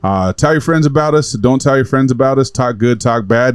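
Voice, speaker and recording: A man in his forties hosting a podcast, telling stories fast with plenty of swearing. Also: mid-range voice, over music. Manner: fast, profane storytelling. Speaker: podcast host. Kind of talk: casual chat.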